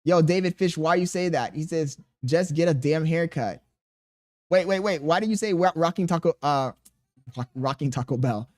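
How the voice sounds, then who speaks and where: Male streamer, thirties, a bit higher pitch, loose joking banter with chat. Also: moderate pace, a little mellow. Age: 30s. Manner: joking, laughing, reads chat aloud, crude banter. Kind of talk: casual live-stream chat reading.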